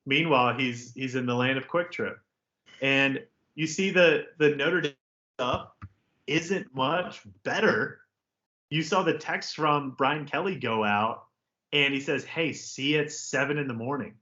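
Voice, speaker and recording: A man co-hosting a sports podcast, ranting in a sarcastic, jokey, animated way. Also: mid-range voice, slow pace. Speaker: podcast co-host. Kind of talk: casual sports chat. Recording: roomy, slightly dull podcast audio.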